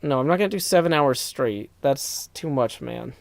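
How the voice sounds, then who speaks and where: A man chatting casually on a live stream, reading chat aloud and rambling through answers on a desk mic that clips when loud. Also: mid-range voice, animated, moderate pace, gravelly, dry recording.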